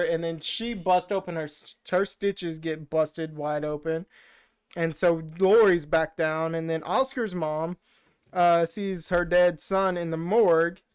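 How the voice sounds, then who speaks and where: Unhurried and clean-toned, this man's voice is on the high side with fairly even intonation. As a podcast co-host in a casual recap chat, he rambles through a movie's plot and quotes its lines.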